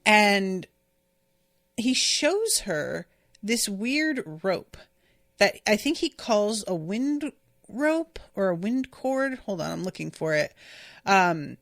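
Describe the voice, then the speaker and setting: A woman's voice: mid-range voice, very animated, slow pace, creaky, fairly bright tone, no room sound, studio quality. A woman hosting a podcast, recapping an episode in a chatty, exasperated way with lots of filler words. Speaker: podcast host. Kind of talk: casual episode recap and commentary.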